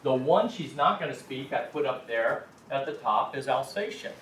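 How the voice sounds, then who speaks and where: A man's voice: mid-range voice, animated, moderate pace, fairly bright tone, slight background noise. A man giving a chatty, emphatic talk as teacher of a language class to a room of students. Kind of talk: casual classroom lecture. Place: classroom with an audience. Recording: echoey room, distant mic.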